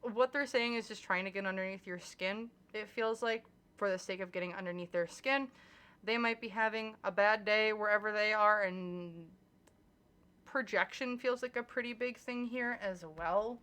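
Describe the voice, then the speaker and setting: Bright-voiced, emphatic young tarot reader. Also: female voice, mid-range voice, moderate pace, smooth. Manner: animated and emphatic, acts out little dialogues; casual and blunt, swears freely. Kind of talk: casual monthly tarot reading.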